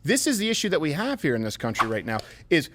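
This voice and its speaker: A man giving political commentary on a panel, lecturing slowly and emphatically. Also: fairly high pitch, huge pitch swings, background noise. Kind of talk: opinion commentary in a played clip.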